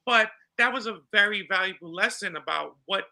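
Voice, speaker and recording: A middle-aged man from New York, a podcast guest telling a personal story in an animated way and acting out the dialogue. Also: high voice, brisk, vocal fry. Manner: animated, acts out dialogue with laughter. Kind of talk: storytelling in an interview.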